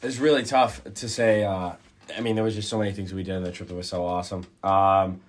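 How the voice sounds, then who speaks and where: A young man chatting as a guest in a college radio studio, relaxed and a bit hesitant. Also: low voice, a little fast. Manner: relaxed, thoughtful, hesitant with ums. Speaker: podcast guest. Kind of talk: casual chat.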